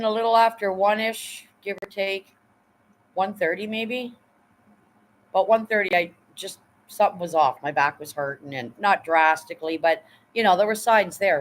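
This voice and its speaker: A woman's voice: medium pitch, rough recording. A woman in her fifties, hosting a casual livestream, telling a story bluntly with frequent swearing and "right?" asides. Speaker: livestream host.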